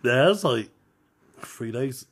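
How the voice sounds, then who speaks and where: A man co-hosting a podcast, telling a long story in casual chat, animated, swearing often and laughing as he talks. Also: mid-range voice, slow. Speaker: podcast co-host.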